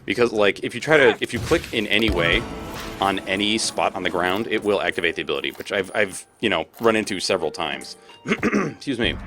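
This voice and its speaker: Deep-voiced man thinking aloud over gameplay. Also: fairly bright tone. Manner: talks to himself, thinking aloud, laughs often. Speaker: let's play host. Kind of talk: casual gameplay commentary.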